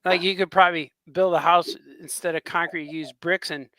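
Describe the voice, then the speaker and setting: A man, a cartoonist co-hosting a podcast, chatting casually and telling rambling, excitable stories, often laughing as he talks. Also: a little high, normal speed. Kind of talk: casual chat, storytelling.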